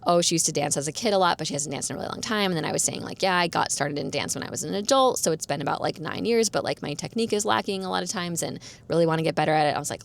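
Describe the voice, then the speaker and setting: A woman's voice: lowish voice, very fast, creaky. A young woman hosting a podcast, chatting casually on her own and filling her talk with "like". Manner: chatty, peppered with "like". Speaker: podcast host. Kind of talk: casual solo chat.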